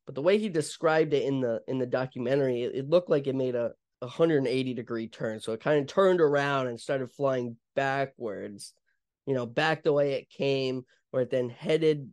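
Speaking at a moderate pace in a mid-range voice with a darkish tone, this young podcast host recounts an event casually, rambling and restarting often with plenty of fillers. There's no room sound.

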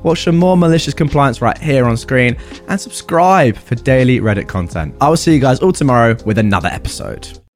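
A man hosting a channel, reading stories aloud and joking about them afterward in a lively way. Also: mid-range voice, brisk, soft background music. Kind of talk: storytelling narration with commentary.

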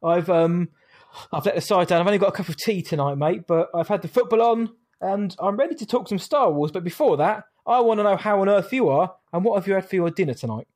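A man's voice: high voice, lively intonation, fast talker, darkish tone. A young British man hosting a podcast, cheerful and fond of puns. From United Kingdom. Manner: cheerful, punning. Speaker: podcast host. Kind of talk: casual podcast chat.

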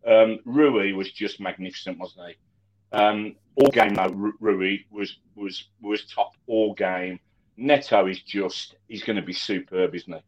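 A man co-hosting a casual fan chat about football, animated and stumbling over his words with many restarts. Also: on the low side, a little slow, lo-fi sound. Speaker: football podcast co-host.

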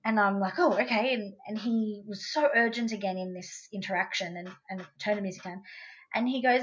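A woman's voice: mid-range voice, moderate pace, lo-fi sound. A woman with an Australian accent, a guest in an interview, telling a personal story in a casual, conversational way. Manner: conversational storytelling, quotes her son in a lively voice.

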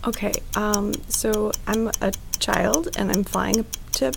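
Playful gravelly woman cohosting a podcast, noisy recording. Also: mid-range voice, takes it slowly. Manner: giggly, animated, playful. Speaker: podcast co-host. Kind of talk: casual chat.

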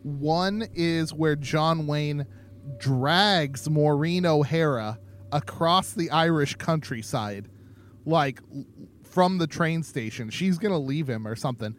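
A man's voice: fairly high pitch, takes it slowly, slight background noise. A man co-hosting a podcast in casual chat, jokey and playful, laughing often. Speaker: podcast co-host.

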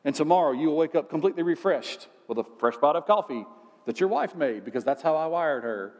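Man doing a playful mock-solemn divine voice, reassuring, slightly high, reverberant hall. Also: expressive, fairly quick, darkish tone, lightly acted. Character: reassuring divine voice, male, joking.

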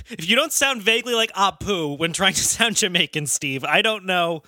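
A man's voice: sits high, lively intonation, normal speed, bright, forceful tone, dry recording, studio quality. A man co-hosting a casual podcast, joking around and laughing, then wrapping up the episode. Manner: jokey, chuckling, sign-off patter. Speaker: podcast co-host.

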